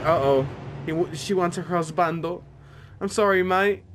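A man giving casual commentary on a fighting game as a let's player, excitable, swearing and laughing often. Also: sits high, normal speed, background noise. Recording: loud game music behind voice.

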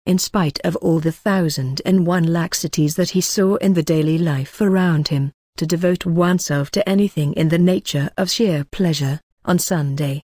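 Low, mellow woman reading an audiobook. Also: no room sound, clean studio sound. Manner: measured, unhurried reading. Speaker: audiobook narrator. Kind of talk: scripted audiobook narration.

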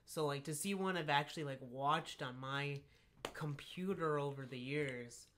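A man's voice: a little high, measured pace, a bit bright, a little hiss or hum. A man co-hosting a podcast in casual chat, telling stories in a laid-back way, full of "like" fillers. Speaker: podcast co-host.

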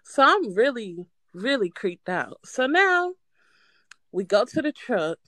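A woman calling in to a show, telling a story in a casual, animated way, swearing freely and breaking into nervous laughter. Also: fairly high pitch, takes it slowly, dry recording. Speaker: caller.

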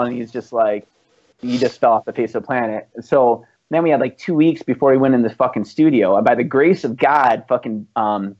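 A man with a medium-pitched, slightly mellow voice appears as a guest on a podcast whose sound is muffled and lo-fi. He's the founding musician of a band, and in a relaxed chat he rambles through profane stories, laughing along the way.

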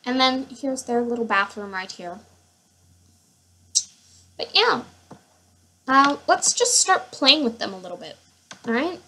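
A woman's voice: on the high side, expressive, unhurried, long pauses, sharp tone, a little hiss or hum. A woman giving casual gameplay commentary, gushing and rambling with many fillers as she shows her household. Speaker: gamer showing her household.

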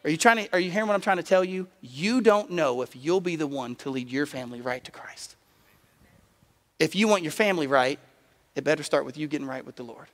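A man's voice: a little high, brisk, in a large hall. A man preaching a sermon as a pastor, telling a personal story and building to emphatic appeals. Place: church sanctuary.

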